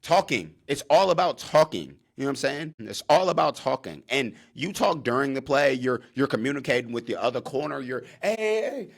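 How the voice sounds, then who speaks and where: A young man hosting his own podcast, talking casually and with animation, jumping into loud acted-out on-field calls. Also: mid-range voice, expressive, a little fast, creaky, hardly any pauses. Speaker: podcast host, former college defensive back.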